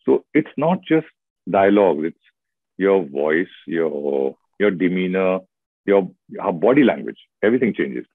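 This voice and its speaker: A middle-aged man with an Indian English accent speaks in a fairly low voice and chats with expressive, story-driven energy. The sound is dry and close, with no room around it, and thin and tinny like a phone line. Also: unhurried, no room sound. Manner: expressive, storytelling, lively asides. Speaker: actor guest. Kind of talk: casual interview chat.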